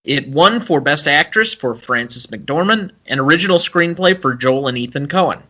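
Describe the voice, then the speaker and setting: Bright-voiced young male podcast host. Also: a little high, animated, moderate pace, muffled recording. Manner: chatty and analytical, with frequent fillers. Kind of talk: casual movie-review podcast chat.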